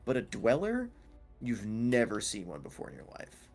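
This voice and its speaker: A man's voice: mid-range voice, wildly swooping pitch, moderate pace, a little mellow. Young male game master, casual narration with fillers and laughs, faint background music.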